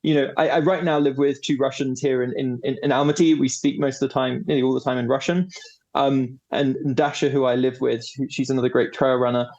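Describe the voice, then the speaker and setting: Animated young English man, guest. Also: medium pitch, a little fast, vocal fry, highs cut off. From England. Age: young adult. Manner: animated, hesitant with fillers, playful sound effects. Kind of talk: casual interview chat.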